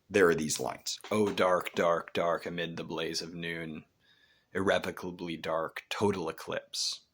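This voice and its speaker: A man's voice: low-pitched, gravelly, a bit bright, husky. A man hosting a poetry video, explaining verse and meter in a casual, chatty way and sounding out stressed syllables.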